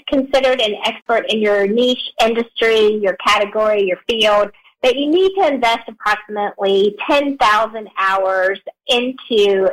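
High-voiced woman co-hosting with playful banter. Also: fairly bright tone, poor audio. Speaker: podcast co-host. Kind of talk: casual chat.

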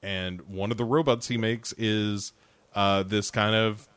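A man's voice: fairly low pitch, steady tone, unhurried, fairly bright tone, clear, resonant tone, dry recording. A man hosting a podcast, chatting casually about films in a rambling, self-deprecating way. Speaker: podcast host.

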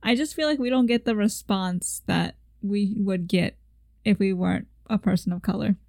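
A young woman co-hosts a laid-back conversation. She is chatty, asks questions and laughs often. Her voice is mid-pitched and recorded dry and close. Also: normal speed, vocal fry, mellow, no room sound. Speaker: podcast co-host. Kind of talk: casual chat.

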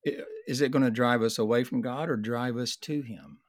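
A man teaching in a conversational Bible study discussion, earnest and explanatory, slowing down to stress key points. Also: medium pitch, no echo, studio quality.

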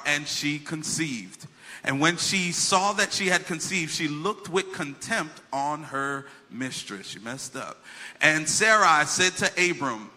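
A pastor preaching a sermon, reading scripture with humorous asides and telling a childhood story in a conversational way. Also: male voice, a little high, sharp tone.

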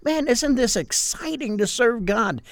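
A man's voice: very high voice, measured pace, no room sound. An older man, a pastor co-hosting a podcast, explaining in casual chat and acting out quotes. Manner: explains with acted-out quotes, animated.

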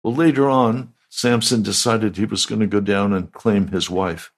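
A man's voice: fairly low pitch, steady tone, moderate pace, slightly rough. A male pastor preaching a sermon, retelling a Bible story and rising to emphatic peaks.

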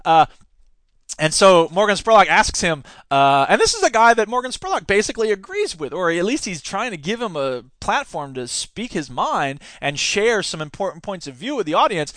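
A man's voice: high-pitched, sing-song, normal speed, fairly bright tone, no room sound, studio quality. A man hosting a podcast, giving casual, sarcastic commentary and laughing often as he talks. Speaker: podcast host; teacher.

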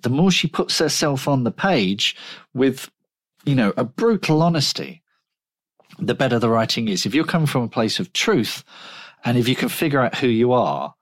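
A man co-hosts a podcast in a relaxed, conversational way. He thinks aloud, circling back and restarting his sentences as he goes. His voice sits at an ordinary middle pitch. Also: normal speed. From England. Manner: reflective, with frequent restarts and fillers. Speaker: podcast co-host and writer. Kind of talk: casual conversation.

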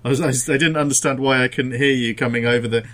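A man's voice: medium pitch, fairly even intonation, fast talker, a bit bright. A man co-hosting a podcast, rambling and self-deprecating as he chats. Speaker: podcast co-host. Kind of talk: casual chat.

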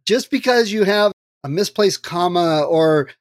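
A man hosting a podcast interview, agreeable and quick with short replies. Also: high-pitched, expressive, dry recording, studio quality. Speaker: podcast host. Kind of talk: casual interview chat.

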